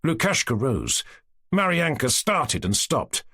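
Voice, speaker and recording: A man narrating a classic novel as an audiobook in an expressive storytelling manner. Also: mid-range voice, moderate pace, slightly rough, no room sound, studio quality. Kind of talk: scripted narration.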